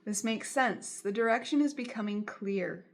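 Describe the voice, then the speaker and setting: A woman's voice: mid-range voice, moderate pace, creaky. A woman giving a tarot reading straight to her viewers, in a soothing, reassuring way and often repeating her phrases. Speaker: tarot reader.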